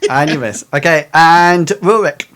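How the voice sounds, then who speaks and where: A man's voice: fairly high pitch, measured pace, fairly bright tone, slight background noise. A man running a tabletop game for friends as game master, hesitant and full of ums, joking around. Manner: hesitant, lots of ums, jokey.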